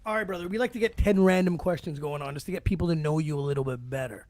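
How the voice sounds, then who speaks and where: A man's voice: fairly high pitch, fast talker, a little mellow. A man hosting a podcast interview, chatting casually and telling stories with easy swearing. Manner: laid-back storyteller, swears freely. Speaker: podcast host.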